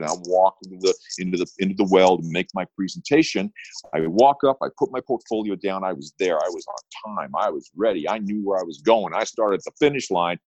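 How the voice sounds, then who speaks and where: Deep-voiced emphatic male attorney. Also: dry recording, lo-fi sound. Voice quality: energetic, emphatic with repeated punchy phrases. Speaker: attorney and negotiation guest. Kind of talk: interview storytelling.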